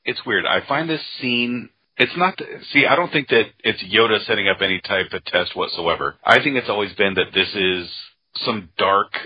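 A man with a low, husky voice chats on a film podcast. He talks with easy enthusiasm and laughs readily. The recording is a bit dull and lo-fi. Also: normal speed, few pauses. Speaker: podcast co-host. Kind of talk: casual film discussion podcast.

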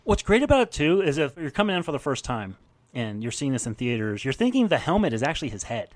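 A man's voice: mid-range voice, sing-song, fast, no room sound. A man recapping a film's scenes in casual chat, narrating events and laughing as he goes. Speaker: podcast co-host recapping a film.

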